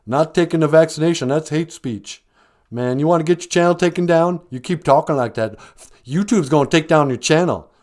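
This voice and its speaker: A man's voice: on the high side, lively intonation, normal speed, darkish tone, natural voice. Man putting on a brassy bossy woman caller. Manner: brassy, calls the host a fool. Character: brash pushy woman caller, teasing and bossy.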